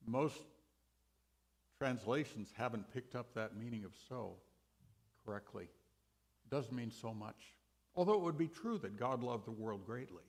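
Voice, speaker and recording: A man teaching a sermon session in a church, deliberate, with emphatic rises and quiet drops. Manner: slow, deliberate, dynamic rises and drops in pitch and loudness. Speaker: guest Bible teacher.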